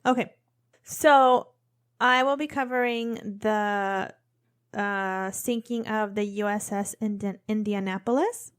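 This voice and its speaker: A young woman co-hosting a podcast, chatting casually and then telling a true crime story, expressive with quick asides. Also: mid-range voice, smooth. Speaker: podcast co-host.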